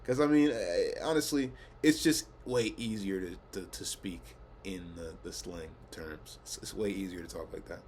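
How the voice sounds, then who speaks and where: A man's voice: deep voice, moderate pace, hardly any pauses, darkish tone, a little hiss or hum. A young man rambling casually to camera, laid-back, swearing often and laughing at himself. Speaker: vlogger. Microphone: camera mic.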